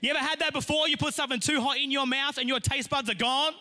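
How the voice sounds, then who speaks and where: A young man preaching a sermon, telling a funny personal story with lively energy and sometimes rising to a shout. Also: very high voice, quick pace.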